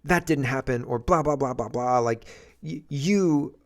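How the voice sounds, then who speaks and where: An Englishman with a medium-pitched voice and a measured pace hosts casual political commentary. Sarcastic and exasperated, he reacts to clips and rambles through asides.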